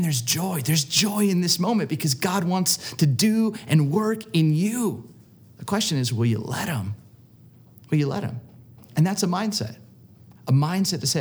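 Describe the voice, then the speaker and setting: A male preacher with a slightly higher voice delivers a sermon. He tells stories earnestly, stumbles and repeats words as he builds his point. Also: slightly rough. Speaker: pastor.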